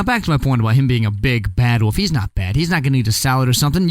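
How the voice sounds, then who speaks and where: A man's voice: medium pitch, fast, hardly any pauses, a little mellow, no echo. Chatty man telling a comic fairy tale. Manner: chatty, joking asides. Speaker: storyteller. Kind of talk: casual comic storytelling.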